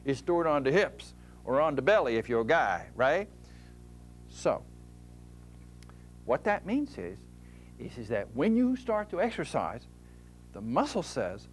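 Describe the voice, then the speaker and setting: A man's voice: on the high side, sing-song, a little slow, pauses often, slight background noise. A man from the United States explaining fitness at a diagram in a folksy manner, acting out muscles talking. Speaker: fitness instructor. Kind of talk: explaining at a whiteboard.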